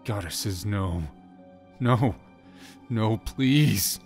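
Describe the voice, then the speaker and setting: A man voicing a terrified blind young man who shouts and pleads in panic, in an audiobook. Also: lowish voice, drawn-out words, gravelly, soft background music, full character voice. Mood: pleading.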